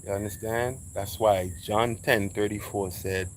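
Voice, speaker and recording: A man's voice: fairly low pitch, fairly even intonation, a little slow, slight background noise. A man giving a casual spiritual monologue, preachy and emphatic, swearing freely as he talks. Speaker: speaker sharing spiritual views.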